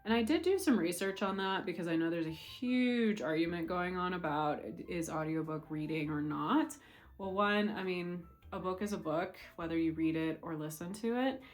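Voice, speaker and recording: A woman's voice: lowish voice, normal speed, faint music behind. A woman chatting casually as a book vlogger, rambling with restarts as she reviews her reads.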